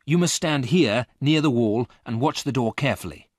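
A man's voice: mid-range voice, moderate pace, no room sound, pitched above the performer's own voice, close to an everyday voice. Man doing an earnest storybook safecracker, explaining each step, raised voice, dry close sound. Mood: instructive. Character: earnest male safecracker planning a heist.

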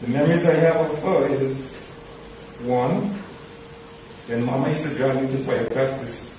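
Emotional man in echoing church. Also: medium pitch. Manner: halting, emotional, often quiet. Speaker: mourner giving a tribute. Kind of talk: spoken eulogy. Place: large church hall. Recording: echoey church from far off, noisy.

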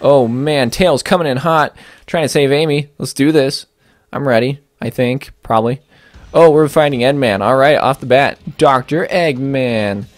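A young let's play host talks a little slowly over his gameplay, with no room sound in the recording. He rambles and jokes, leans heavily on fillers, and slips into silly high voices.

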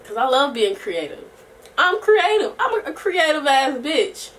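A young woman vlogging in a casual, rambling chat to camera, slangy and profane, often laughing and sometimes breaking into soft singing. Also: high-pitched, sing-song, normal speed, recorded from a distance.

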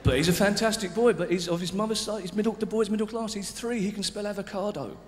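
Male stand-up, high and lively, hall reverb and hiss on a live recording. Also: fast talker. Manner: swings from loud mock outrage to low, confiding murmurs. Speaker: stand-up comedian.

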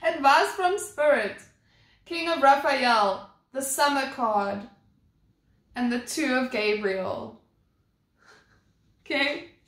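A young woman giving a slow, unhurried oracle card reading, her voice bright and lifted a little high. She rambles, circles back and restarts often. The sound is echoey, as if recorded in a bare room. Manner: rambling, with many fillers and restarts. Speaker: tarot and oracle card reader. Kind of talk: casual spoken card reading.

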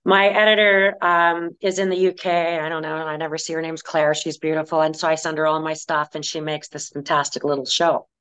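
A woman clairvoyant being interviewed, telling stories in a lively way and acting out the voices she quotes. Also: deep voice, fairly quick, hardly any pauses, clean tone, poor audio. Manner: animated storyteller, acts out quoted voices. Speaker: clairvoyant guest. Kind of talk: conversational interview.

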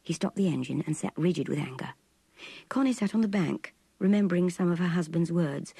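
An older woman narrating a classic novel in an intimate, breathy half-whisper. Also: fairly low pitch, fairly quick, dark tone, no echo. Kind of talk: audiobook reading of a classic novel.

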